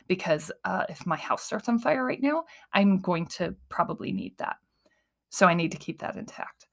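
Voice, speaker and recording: Young woman, solo podcast host, casual and chatty, voices her inner thoughts in lively asides. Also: lowish voice. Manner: animated, acts out her inner voices, says "right?" often.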